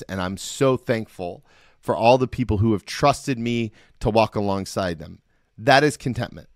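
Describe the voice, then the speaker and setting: A middle-aged man with a medium-pitched voice hosts a solo Christian podcast, speaking earnestly and conversationally. He checks in with the listener frequently, and the studio-quality audio has no echo.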